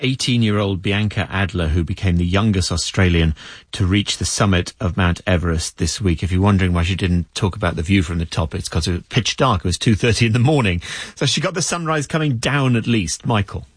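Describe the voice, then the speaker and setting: A man presenting a live radio news magazine in a brisk, conversational way, steering his guests. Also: low voice, breathy edge, dry recording.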